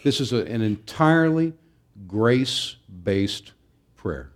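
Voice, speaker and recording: A man's voice: on the low side, big pitch swings, takes it slowly. A middle-aged man preaching a sermon in an earnest, emphatic way, sometimes restarting his phrases. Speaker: pastor.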